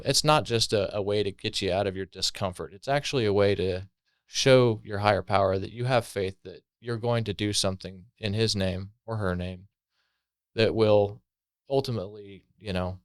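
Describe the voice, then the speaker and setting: A low-voiced man tells his recovery story on a podcast, earnest and thoughtful, often pausing on fillers. The sound is dry and close, with no room echo. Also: smooth. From Colorado, USA. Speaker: podcast guest. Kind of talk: personal recovery story, conversational.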